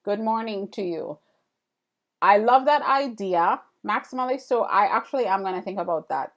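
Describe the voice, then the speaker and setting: A woman's voice: mid-range voice, expressive, normal speed. A woman chatting casually with viewers on a live stream while she draws, thanking them by name and trailing off into fillers and restarts. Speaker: illustrator live-streaming a drawing session.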